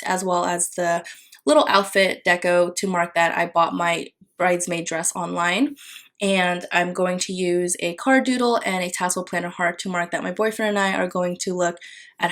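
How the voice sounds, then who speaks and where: A woman's voice: lowish voice, little pitch movement, normal speed, a bit bright. A young adult woman casually narrating a plan-with-me voiceover, chatty with frequent fillers and little apologies. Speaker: planner vlogger.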